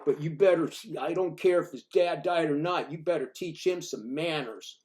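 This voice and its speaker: A man voicing a huge young farm-boy cowboy in a bar who grudgingly backs down, gruff and loud. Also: on the high side, normal speed, close to an everyday voice.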